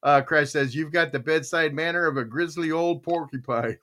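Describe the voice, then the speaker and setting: A man's voice: a little high, normal speed, fairly bright tone. A middle-aged man hosting a casual morning chat show, telling rambling jokey stories and laughing often. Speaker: show host.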